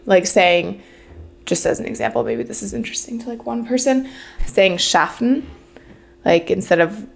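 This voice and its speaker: A woman's voice: fairly low pitch, moderate pace, creaky. A young adult woman co-hosting a casual podcast chat, talking loosely with many fillers. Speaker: podcast co-host.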